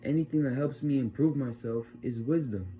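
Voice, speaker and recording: A man's voice: mid-range voice, normal speed, dark tone, soft background music. A young man giving a loose, rambling motivational talk to camera, often adding "man" and acting out the people he quotes. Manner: frequent "man" tag words. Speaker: vlogger. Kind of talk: casual motivational monologue.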